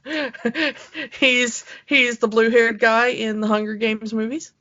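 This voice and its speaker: A woman co-hosting a podcast in casual chat, rambling with many fillers and quick laughs. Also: on the high side, fairly even intonation, sharp tone, highs cut off. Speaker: podcast co-host.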